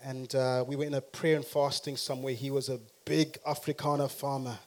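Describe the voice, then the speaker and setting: A man preaching a sermon who talks straight to the congregation and swings from quiet to loud and emphatic. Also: medium pitch, little pitch movement, fairly quick.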